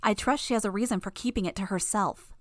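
A woman's voice: medium pitch, fast talker, no room sound, studio quality, close to an everyday voice. A woman voicing a furious young superheroine who threatens and swears at her foes. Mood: menacing. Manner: shouting, menacing, profane.

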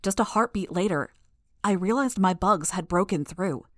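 A woman reading a first-person action novel as an audiobook in a steady, measured way. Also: medium pitch, no echo, clean studio sound. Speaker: audiobook narrator.

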